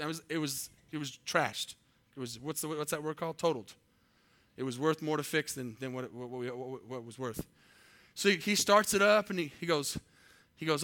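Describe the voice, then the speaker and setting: Bright-voiced, lively male preacher. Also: a little high. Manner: animated, quizzes the audience. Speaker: pastor. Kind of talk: sermon storytelling.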